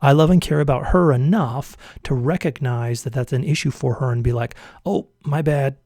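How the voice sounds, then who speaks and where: A man's voice: medium pitch, a little fast, dark tone, no room sound, studio quality. A man vlogging a casual motivational monologue, earnest and rambling, often correcting himself mid-sentence.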